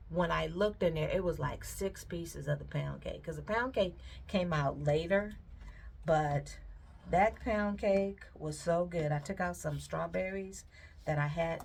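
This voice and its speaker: Woman, middle-aged, lowish pitch, casual reminiscing chat, faint noise behind. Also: creaky. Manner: chatty, reminiscing, laughs often. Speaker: vlogger. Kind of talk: casual chat while pouring paint.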